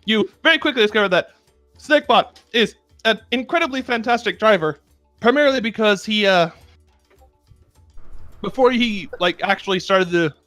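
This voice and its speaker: A man's voice: sits high, expressive, moderate pace, a bit bright, no room sound, soft background music. A man narrating a tabletop game as game master, casual and chatty, often laughing at his own story.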